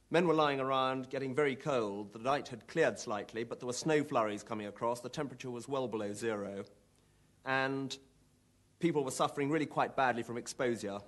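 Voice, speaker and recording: A man, a former company commander, recounting a battle in a measured, understated documentary interview with a dry touch. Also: mid-range voice, fairly bright tone.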